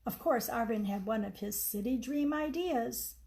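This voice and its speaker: A woman reading aloud from her own book in a measured, explanatory way. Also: on the high side, vocal fry, a little mellow, rough recording. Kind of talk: storybook reading.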